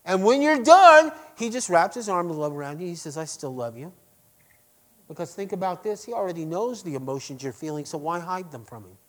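High-voiced man preaching a sermon. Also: very animated, brisk, hardly any pauses. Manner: dynamic preaching, shifts between loud emphasis and soft quiet lines; asks the congregation questions directly. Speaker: pastor.

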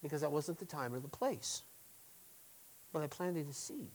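A middle-aged man, a pastor, preaching a sermon, swinging between loud emphatic stresses and quiet asides. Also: on the high side, expressive, normal speed, rough recording.

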